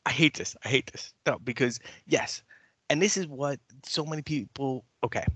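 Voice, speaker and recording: An older man with a bright, forceful voice, recorded dry and close. He co-hosts a casual podcast chat and tells animated stories with the odd swear word. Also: mid-range voice, normal speed, husky, no room sound. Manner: animated storyteller, swears freely. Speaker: podcast co-host.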